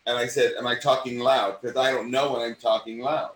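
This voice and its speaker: A man with a mid-Atlantic accent, an acting teacher talking in an interview, animated and given to restarting his sentences. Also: mid-range voice, brisk, a little hiss or hum. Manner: animated, repeats and restarts phrases. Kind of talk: conversational interview. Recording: roomy sound from distance.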